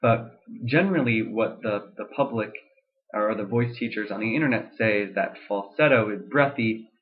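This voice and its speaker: A young male voice teacher gives a casual lesson on vocal registers, using fillers and restarts and breaking into sung demonstrations. His voice sits on the low side at a moderate pace, captured through tinny, lo-fi webcam audio.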